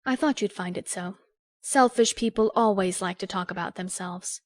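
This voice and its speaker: Woman doing a sharp, scolding young lady. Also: medium pitch, normal speed, no room sound, studio quality, lightly acted. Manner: crisp, scolding, earnest. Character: earnest, sharp-tongued young woman lecturing a friend. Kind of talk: audiobook character voice.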